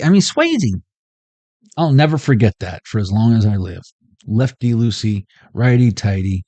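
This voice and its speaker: A young man riffs off the cuff in a rambling, joking way and swears freely. His pitch swings widely as he riffs. The recording is dry and close. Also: lively intonation, normal speed, a little mellow, no echo. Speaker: tarot reader and streamer. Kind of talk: off-the-cuff comic riffing.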